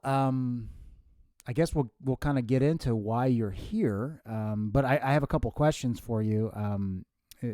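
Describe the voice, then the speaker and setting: A man's voice: medium pitch, mellow, no echo, clean studio sound. A man hosting a comedy show, asking bewildered, exclamatory questions in a sketch where he talks to himself. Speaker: host.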